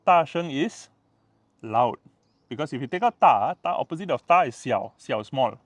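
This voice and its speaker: A man's voice: mid-range voice, lively intonation, normal speed, no room sound. A man with a Malaysian English accent teaching in a casual vlog lesson, patiently repeating words and tagging sentences with "lah" and "ah". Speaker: language tutor.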